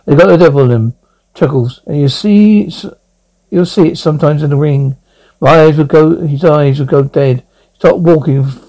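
A man voicing a troubled young blind lawyer who talks in a halting, stammering way during confession. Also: a little high, gravelly, warm tone, poor audio.

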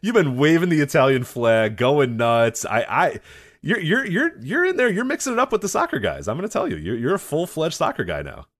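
A man's voice: on the high side, fairly quick. A man co-hosting a podcast, teasing his partner and laughing often. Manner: teasing, laughs a lot, animated. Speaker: podcast co-host. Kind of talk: casual chat.

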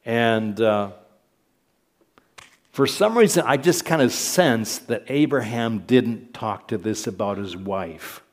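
A man's voice: mid-range voice, animated, takes it slowly. A middle-aged man preaching a sermon, earnest and repeating phrases for emphasis.

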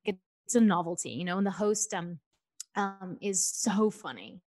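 A woman's voice: mid-range voice, unhurried. Chatty woman gushing about shows. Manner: chatty, animated, lots of "like" and "you know". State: tired. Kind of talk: casual chat.

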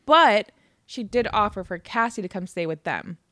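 A woman's voice: medium pitch, animated, normal speed, sharp tone, no room sound, studio quality. A woman co-hosting a podcast, telling a true crime story in casual, chatty talk, laughing often and swearing. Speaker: podcast co-host.

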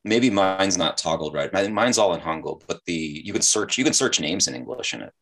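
Very deep-voiced playful male podcast host. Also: expressive, fairly quick, a bit bright. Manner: playful, enthusiastic, heavy use of "like". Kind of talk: casual podcast chat.

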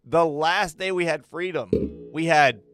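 A man co-hosting a podcast in casual chat, throwing in wisecracking deadpan asides. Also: fairly high pitch, a little slow, clear, resonant tone, soft background music. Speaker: podcast co-host.

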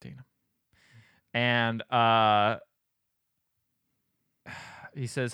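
A man's voice: mid-range voice, animated, normal speed, fairly bright tone, smooth, no room sound, studio quality. A man co-hosting a podcast, casually retelling a movie plot and acting out the characters' lines. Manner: rambling storyteller who acts out lines. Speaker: podcast co-host. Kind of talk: casual chat, recapping a movie.

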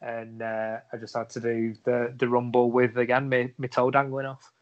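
A man's voice: mid-range voice, completely flat delivery, moderate pace. A man chats as a guest on a podcast and tells a story in loose, rambling runs, full of fillers and restarts. His voice sits in a middling range. The recording sounds dull and lo-fi. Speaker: guest, wrestler. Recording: dull lo-fi audio.

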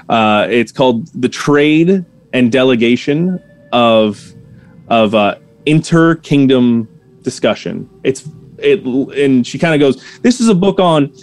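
A man running a tabletop role-playing game as game master, narrating scenes with frequent stumbles and restarts. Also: medium pitch. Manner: halting, many restarts while describing scenes.

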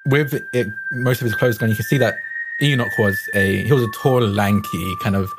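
A man's voice: lowish voice, noisy background. A man playing a tabletop game, describing his character's transformation in a chatty way, laughing and searching for words. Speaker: player.

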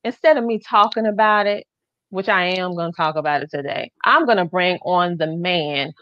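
A woman with a Southern accent hosting a live online business show, talking with excited, gushing emphasis. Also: lowish voice, moderate pace, no room sound, dull audio. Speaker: host.

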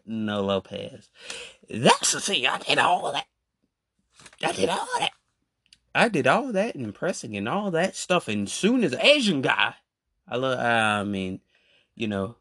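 A man's voice: medium pitch, creaky, husky, no room sound. A young adult man, hosting a solo podcast and ranting animatedly about friends who did him wrong. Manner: animated, repetitive, calling people out. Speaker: podcast host.

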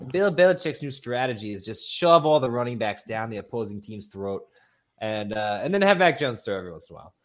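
A man's voice: medium pitch, sing-song, brisk. A man co-hosting a podcast, chatting casually and rambling, swearing freely and correcting himself as he goes. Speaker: podcast co-host. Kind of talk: casual fantasy football chat.

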